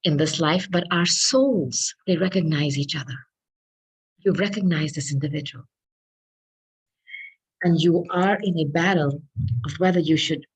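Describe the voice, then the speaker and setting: A tarot reader with a fairly low, husky voice speaks earnestly and warmly to her listeners, invoking angels throughout. The recording is rough.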